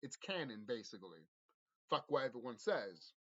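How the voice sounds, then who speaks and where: A man's voice: medium pitch, very animated, moderate pace, fairly bright tone. A man vlogging a rambling spiritual monologue, intense and profane, often repeating himself and restarting his sentences. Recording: dull lo-fi audio.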